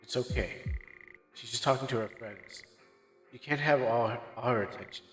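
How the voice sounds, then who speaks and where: Brief: male streamer, mid pitch, quiet hesitant reading, reverb tail, faint music under. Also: moderate pace. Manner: subdued, hesitant reading with restarts. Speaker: game streamer. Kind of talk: reading game text aloud during a playthrough.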